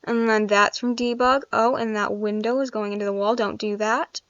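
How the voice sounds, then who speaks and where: A woman's voice: fairly high pitch, fairly even intonation, normal speed, a bit bright, clear, resonant tone, dry recording. A woman giving casual gameplay commentary, chatty and thinking aloud with frequent laughs. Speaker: gaming YouTuber. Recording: dry, slightly dull sound.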